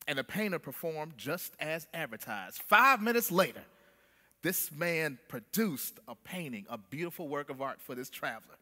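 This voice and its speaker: A man's voice: on the high side, expressive, normal speed, sharp tone. A man preaching a sermon in a church, calling the congregation family and baby, with call-and-response. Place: church sanctuary. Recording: long church hall reverb.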